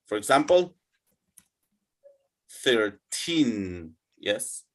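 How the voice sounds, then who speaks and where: In an online English pronunciation class, a male teacher works through numbers, patiently drilling students and checking in regularly. His mid-range voice swings widely in pitch, and he talks very slowly.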